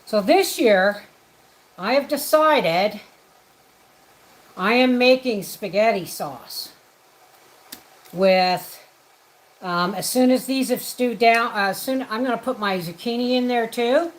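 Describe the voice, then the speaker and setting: A woman's voice: on the high side, takes it slowly, long pauses, low-quality recording. A woman hosting a homestead livestream from her kitchen, chatting casually as she cooks and greeting viewers by name. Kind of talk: casual livestream chat while cooking. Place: home kitchen.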